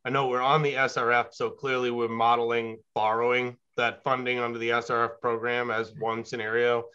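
A man with a bright, forceful voice speaks as a consultant in a business meeting. He talks in a hedging, thoughtful way, full of fillers. The audio is dull and somewhat lo-fi. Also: medium pitch, level tone, fairly quick, clear, resonant tone. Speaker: engineering consultant.

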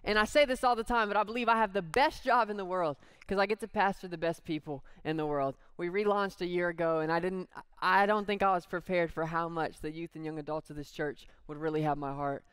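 Man, youth pastor, smooth resonant voice, high pitch, upbeat church announcement. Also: fairly quick, few pauses, fairly bright tone, no room sound. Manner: upbeat, proud, addresses congregation directly. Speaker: youth and young adults pastor.

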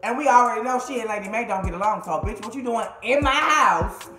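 A woman's voice: a little high, a little fast, fairly bright tone, slight background noise. A woman with an African American Vernacular English accent, profanely and dramatically recapping a TV episode in a casual vlog. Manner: sassy, profane, dramatic retelling with acted quotes. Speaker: TV show reviewer. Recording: echoey room with music behind.

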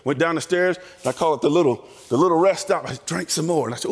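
Animated preacher in a reverberant chapel. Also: male voice, a little high, fast talker, creaky. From American South. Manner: animated storyteller acting out voices. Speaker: chapel speaker. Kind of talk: storytelling sermon. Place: college chapel.

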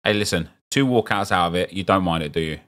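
A young man streaming a football game, chatting with viewers and reacting loudly to what he opens. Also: deep voice, fast. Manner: chatty, reads chat aloud, gets loud and excited at good pulls. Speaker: gaming streamer. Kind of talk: live stream commentary opening game packs.

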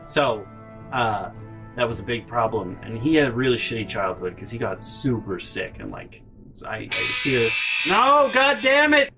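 A man's voice: on the low side, normal speed, a bit bright, soft background music. Rambling, profane male storyteller. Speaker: channel host. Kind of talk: storytime vlog.

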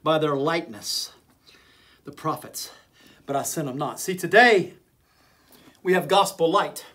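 A man preaching a fiery sermon as an evangelist, often shouting and repeating his phrases. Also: on the high side, lively intonation, unhurried.

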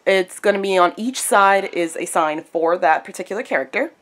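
A woman vlogging casually from home, her voice raspy and stuffed up from congestion, chatting in a rambling way with lots of fillers. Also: mid-range voice, moderate pace, fairly bright tone. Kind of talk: casual daily vlog.

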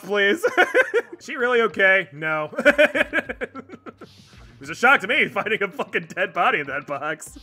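Young male let's-play streamer, high and very lively voice, reads game lines aloud, swears and laughs a lot. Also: takes it slowly, long pauses.

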